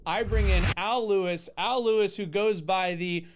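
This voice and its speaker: A man's voice: sits high, moderate pace, noisy background. A man hosting a podcast, introducing the show and his guest with eager enthusiasm. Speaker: podcast host.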